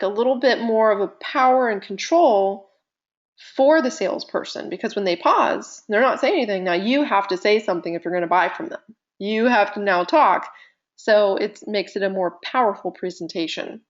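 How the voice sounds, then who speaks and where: A woman teaching presentation skills in a live online session, talking conversationally with deliberate pauses and shifting loudness. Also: mid-range voice, highs cut off. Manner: animated, conversational, uses deliberate pauses and vocal dynamics.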